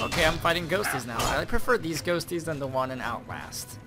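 A man giving excitable, swearing commentary while playing a video game, with surprised yelps. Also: fairly high pitch, a little fast. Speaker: let's play gamer. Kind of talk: casual gameplay commentary. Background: game music.

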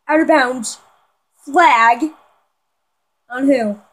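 A woman giving excitable live commentary on a football video game, talking to her viewers and yelling at big plays. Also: high-pitched, slow pace, poor audio. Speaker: gamer.

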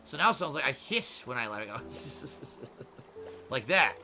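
A man hosting his own livestream in casual chat, animated and talkative, jumping from loud outbursts to low grumbles. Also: fast, soft background music. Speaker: livestream host.

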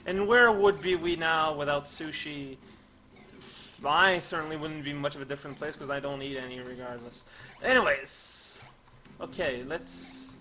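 A young man giving rambling, goofy game commentary in a deadpan way, with many stammered restarts. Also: a little high, rough recording. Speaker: let's play commentator.

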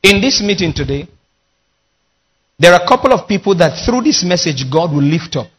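A man's voice: sits high, sing-song, normal speed, fairly bright tone, husky. A man preaching a sermon as pastor, leading his congregation in call-and-response with emphatic delivery.

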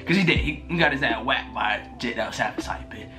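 A young man telling a fight story in an excited storytime vlog, full of slang and swearing, often jumping into high laughing squeals. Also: quick pace. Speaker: vlogger. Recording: music playing clearly behind. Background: music.

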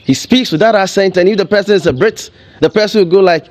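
A man's voice: high voice, fast, darkish tone. A man with a Ghanaian accent giving impassioned commentary on TV, emotional and firing off rhetorical questions.

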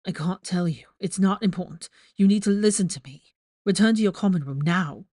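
A woman reading a frantic teenage boy wizard who pleads in an urgent, hushed voice. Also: fairly low pitch, brisk, no echo, studio quality, lightly acted. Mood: pleading.

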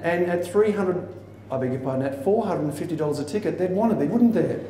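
A man with a fairly high but mellow voice delivers a theatrical motivational talk, acting out quotes and questions. He is heard from a distance in an echoey hall with a faint hiss underneath. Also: fast talker. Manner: theatrical, animated storytelling with mock quotes. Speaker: motivational speaker.

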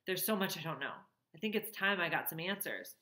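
A woman voicing a gentle, determined female robot who is a mother, speaking calmly and in a measured way. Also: on the low side. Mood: resolute. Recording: roomy echo.

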